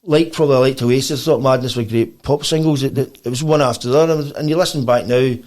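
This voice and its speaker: Fast-talking Scottish man. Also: medium pitch. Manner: rambling, with lots of restarts; animated storytelling. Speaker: guest musician. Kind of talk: casual podcast chat.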